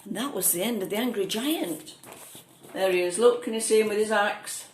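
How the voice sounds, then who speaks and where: A woman reads a children's picture book aloud, gentle and coaxing as she points out the pictures. Her voice sounds echoey in the room. A faint hiss sits under it. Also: mid-range voice, moderate pace. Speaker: storyteller.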